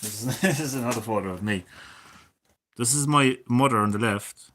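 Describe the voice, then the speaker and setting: A man in his thirties, chatting casually and swearing a lot as a gaming streamer, drifting between loud remarks and mumbled asides. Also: mid-range voice, normal speed. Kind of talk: casual rambling commentary.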